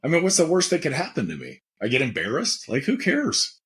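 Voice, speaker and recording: A man in his forties, a former pro football player and podcast guest, telling lively, candid stories in casual conversation. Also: medium pitch, fast talker. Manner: energetic, candid, animated retelling. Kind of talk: conversational storytelling.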